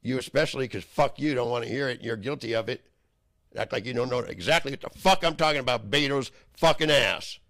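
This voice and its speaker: Angry guy ranting, gravelly rough voice, cursing a lot and getting loud in bursts. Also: medium pitch, a little fast. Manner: heated, profane, rambling, with loud outbursts.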